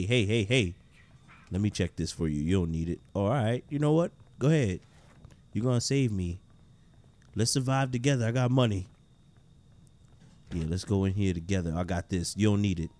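A man's voice: deep voice, moderate pace, darkish tone, pitched below the performer's own voice, close to an everyday voice. A man voicing a scared, preppy young man in a red sweater who brags about money and whines nervously in a horror game. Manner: whiny, nervous, boastful.

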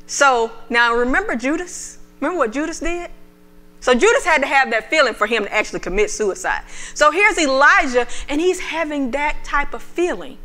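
Woman minister, sermon, bright forceful tone, slightly high voice, animated preaching. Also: faint music behind. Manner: animated, acts out the prophet's pleas in a raised voice; reads scripture aloud in a lower, measured voice. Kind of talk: sermon with scripture reading.

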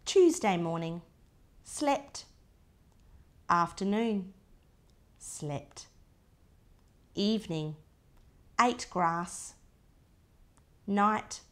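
Slow, lively-voiced woman reading a storybook. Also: medium pitch. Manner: slow, clipped diary entries with soft asides to the child. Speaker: children's book reader. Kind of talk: reading a picture book aloud.

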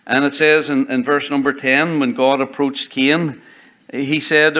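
A man's voice: medium pitch, flat delivery, a little slow, fairly bright tone. A male pastor preaching a sermon in a church, reading scripture aloud and building emphasis as he goes. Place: church sanctuary.

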